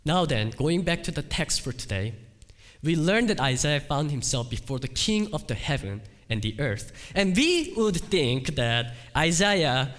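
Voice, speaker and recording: A male pastor preaching a sermon in an emphatic, deliberate way, with dramatic dips and swells. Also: a little high, very animated, fairly bright tone. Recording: long hall reverb.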